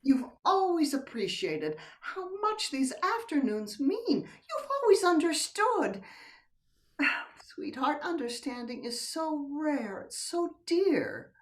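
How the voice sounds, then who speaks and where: Reading a stage play on a video call, an older actress takes the role of a coy middle-aged wife who teases, soothes, cheats, and now and then whispers. Her high voice is sing-song and exaggerated, and she takes her time. She sounds a little removed from the mic.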